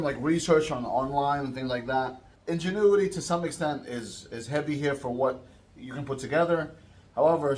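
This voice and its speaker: A man's voice: mid-range voice, a little mellow. Casual male DIY vlogger, mid-range voice, loose rambling delivery, faint ambient noise behind. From United States. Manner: rambling, chatty, self-correcting. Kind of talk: casual how-to vlog. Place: garage or yard, working on a scooter.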